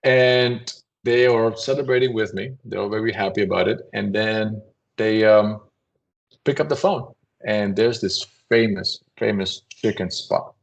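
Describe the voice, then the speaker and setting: A man, a company CEO, telling anecdotes in a casual, animated podcast conversation and acting out voices as he goes. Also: lowish voice, unhurried, creaky, muffled recording. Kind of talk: casual storytelling.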